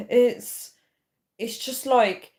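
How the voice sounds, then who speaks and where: A young woman chatting casually to viewers, ranting in an animated way and laughing often. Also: a little high, very slow. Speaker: vlogger.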